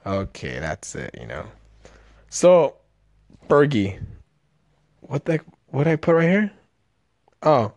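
A man's voice: medium pitch, huge pitch swings, slow, pauses often, darkish tone, dry recording. Podcast host guy, jokey and rambling, laughs a lot, dry close mic. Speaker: podcast host and stand-up comedian. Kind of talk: casual chat reacting to a video.

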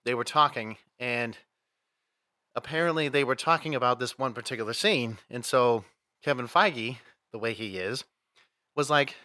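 A man's voice: medium pitch, normal speed, pushed and bright, no echo, studio quality. A man co-hosting a podcast, telling a story in a rambling casual way and acting out the quotes. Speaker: podcast co-host. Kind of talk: casual chat.

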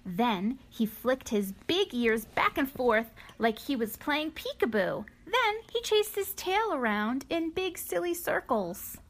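A woman's voice: high-pitched, sing-song, slow, hardly any pauses. A woman hosting a family podcast, reading a children's storybook aloud at home.

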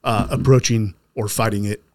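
Middle-aged man, podcast host, somewhat low-pitched, earnest, halting restarts, conversational. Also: fairly even intonation, darkish tone. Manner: earnest, stops and restarts mid-sentence. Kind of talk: conversational interview.

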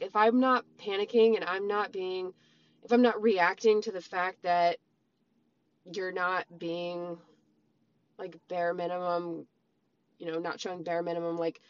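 A woman casually telling her own story straight to her viewers, rambling, with many "like" and "um" fillers. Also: lowish voice. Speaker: storyteller recounting a relationship. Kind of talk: casual personal storytelling to camera. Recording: slightly dull lo-fi sound.

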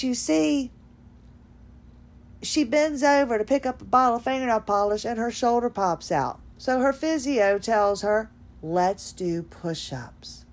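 A woman hosting a podcast in a fast-talking, folksy, animated monologue. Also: fairly low pitch. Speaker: podcast host. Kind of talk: casual monologue.

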